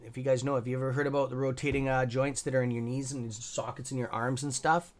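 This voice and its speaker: A man's voice: medium pitch, flat delivery, fast talker. Rambling, foul-mouthed man chatting casually. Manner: rambling, swears freely, laughs at own jokes. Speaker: host of a live stock trading stream. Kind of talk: casual chat.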